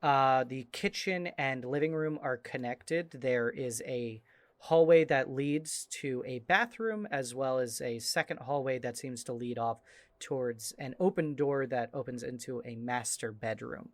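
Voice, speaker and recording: A man narrating scenes as game master of a tabletop role-playing game, relaxed and full of fillers. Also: medium pitch, measured pace, no room sound. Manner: relaxed, descriptive, with many "uh" fillers.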